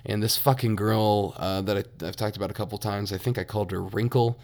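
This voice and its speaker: A man's voice: fairly low pitch, fairly even intonation, fairly quick, a little mellow. A young man in his twenties hosting a solo podcast, ranting with constant swearing and frequent laughter. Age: young adult. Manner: profane, ranting, laughs often. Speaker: podcast host.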